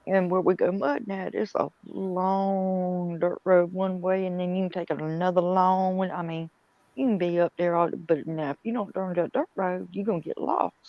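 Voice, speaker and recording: Lively woman storyteller. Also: lowish voice, moderate pace, no room sound. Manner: lively, laughing dialect storyteller. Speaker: channel host. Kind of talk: casual storytelling on a livestream. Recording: dull lo-fi sound.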